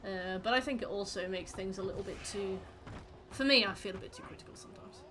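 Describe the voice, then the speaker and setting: A woman's voice: medium pitch, quick pace, noisy background. A woman streaming a game, chatting casually with her viewers in a rambling, playful way. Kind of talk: casual chat while gaming.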